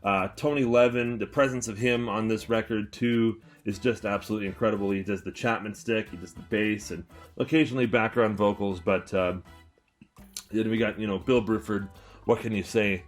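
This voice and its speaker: Low-voiced enthusiastic young Canadian man. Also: steady tone, normal speed, soft background music. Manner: enthusiastic, rambling with many fillers and restarts. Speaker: record collector and store owner, channel host. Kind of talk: casual album-review chat to camera.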